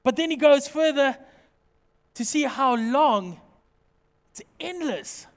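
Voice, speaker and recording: A man delivering a sermon in a strikingly high voice, playful and animated as he acts out little scenes. His words trail off into the long echo of a large hall. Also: slow. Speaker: pastor.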